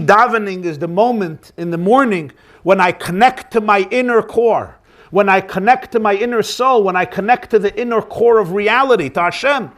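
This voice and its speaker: A man's voice: high-pitched, fairly bright tone. A man playing an anguished devout rebbe. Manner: pained, earnest pleading.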